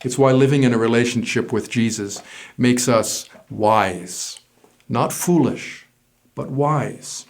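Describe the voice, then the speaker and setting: A man of middle pitch preaching a sermon to his congregation. He speaks in a measured, deliberate way and pauses to stress key words one at a time. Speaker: pastor.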